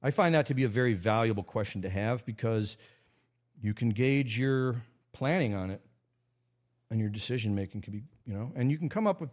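A man from America hosting a casual livestream monologue, rambling with frequent restarts and sudden jumps in pitch. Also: expressive, fairly quick, a little mellow. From United States. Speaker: host.

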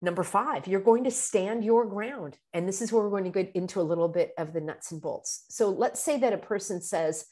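A middle-aged woman giving earnest, animated self-help advice as a video host, dropping to a hushed tone for the phrases she quotes. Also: medium pitch, fairly quick, hardly any pauses. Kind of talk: motivational self-help talk.

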